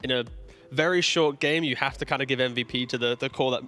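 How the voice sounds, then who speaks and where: A man breaking down a match as an esports desk analyst, talking fast and joking with his co-hosts. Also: mid-range voice. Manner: fast, animated, banter-prone. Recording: faint music behind.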